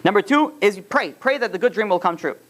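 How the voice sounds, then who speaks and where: Fast-talking man giving a rambling religious lesson. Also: sits high, animated, fairly bright tone. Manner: rambling, restarts phrases, storytelling. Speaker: religious teacher.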